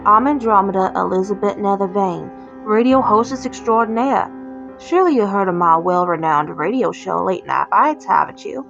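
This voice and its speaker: A woman voicing a seductive, menacing Cajun demon hostess, soft and silky, sweet-talking yet threatening, in a Cajun accent. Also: mid-range voice, normal speed, vocal fry. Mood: mock-polite. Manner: purring, teasing and threatening. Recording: slightly muffled with soft music.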